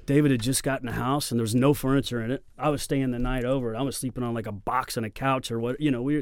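A man, a guest actor, telling casual rambling anecdotes in an animated way. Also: medium pitch, fast, dry recording, clean studio sound. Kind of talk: casual storytelling chat.

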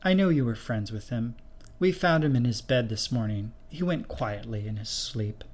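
A man reading the part of a kind activities coordinator woman who speaks gently and sympathetically. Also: mid-range voice, expressive, normal speed, natural voice. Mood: gentle.

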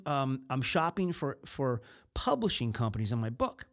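A man's voice: medium pitch, big pitch swings. A man hosting a talk show on sales, talking casually and rambling, with many fillers and restarts. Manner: mimics other voices in quick snippets. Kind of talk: casual monologue.

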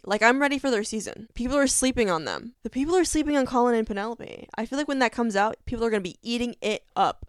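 Gushing young woman, smooth voice. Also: medium pitch, no echo, clean studio sound. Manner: gushing, enthusiastic, lots of fillers. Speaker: podcast host. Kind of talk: casual solo chat.

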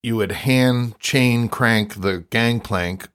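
A man's voice: mid-range voice, slow, fairly bright tone, clear, resonant tone. A middle-aged man telling rambling local anecdotes in casual conversation, full of fillers. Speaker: local storyteller guest.

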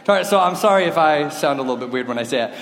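A man with a high voice preaches a sermon, chatting and joking with the congregation. He is middle-aged, and the room around him is roomy, with a long ringing reverb like a church sanctuary. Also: lively intonation, fast talker, fairly bright tone. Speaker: pastor.

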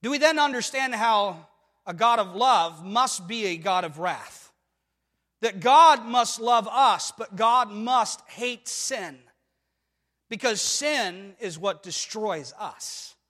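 A man's voice: high voice, animated, takes it slowly, pushed and bright, in a large hall. A man preaching a sermon, emphatic and full of rhetorical questions to the congregation. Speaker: pastor.

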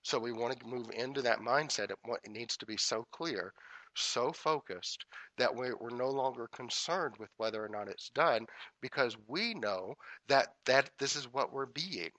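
Bright-voiced man giving spiritual talk. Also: medium pitch, expressive, no echo. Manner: repeats affirmations in measured rhythm. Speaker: spiritual teacher. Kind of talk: inspirational talk.

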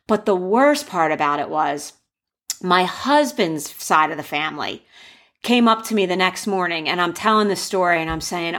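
A young woman casually telling the story of her wedding and giving advice, animated, acting out the quoted voices with gasps. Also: fairly low pitch. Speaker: bride sharing wedding advice.

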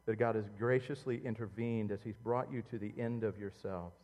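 A middle-aged man preaching a sermon as a pastor, swinging between loud emphatic outbursts and quiet, low, intimate passages. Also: steady tone, normal speed, in a large hall, lo-fi sound.

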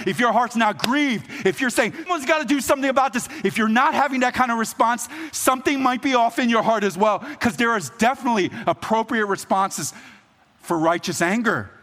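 A male preacher with a fairly high voice who talks to his audience casually, with jokes and frequent check-ins. His sermon rings out in a large hall with a long reverb. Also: fairly bright tone. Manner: conversational and joking, often asks the audience "right?". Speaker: pastor.

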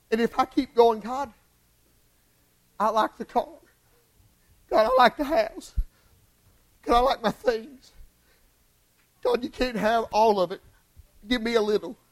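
A male preacher delivering an impassioned sermon in church, swinging from hushed lines to shouted ones. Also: extremely high pitch, poor audio.

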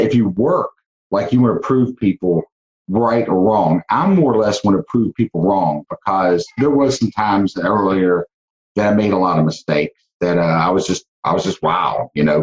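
A very deep-voiced man with a Southern twang talks about his life as a podcast guest. He tells it earnestly, stopping and restarting often. The sound is dull and lo-fi. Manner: earnest storytelling with many restarts. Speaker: guest, car dealership owner. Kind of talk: casual podcast interview.

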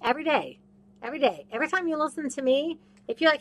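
A woman's voice: sits high, expressive, fast. A woman hosting a podcast, preaching to her listeners in an emphatic, repetitive way and slipping into other people's voices. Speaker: podcast host. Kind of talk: casual faith talk, preaching to listeners.

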